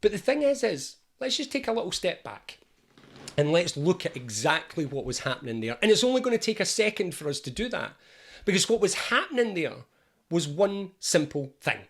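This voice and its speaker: A man, an anxiety coach, explaining anxiety in a lively storytelling monologue. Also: high-pitched, creaky. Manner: lively, storytelling, acts out scenes.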